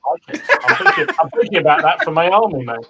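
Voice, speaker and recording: A man's voice: fairly high pitch, very animated, rapid-fire, heavy background noise. A man on a podcast, throwing in teasing quips. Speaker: podcast co-host. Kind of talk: casual chat.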